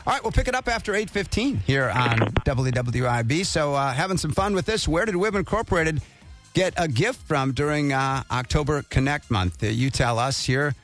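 A man hosting a morning radio call-in show, upbeat and jokey with quick asides. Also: fairly high pitch, animated, a bit bright, soft background music. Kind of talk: casual radio banter taking calls.

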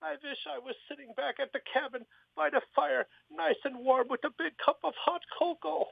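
A quick-witted wife making a cozy wish , as a man puts her on in a high, chirpy voice. The sound is thin and tinny, like a phone line. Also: fairly even intonation, gravelly, no room sound, exaggerated voice. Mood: wishful.

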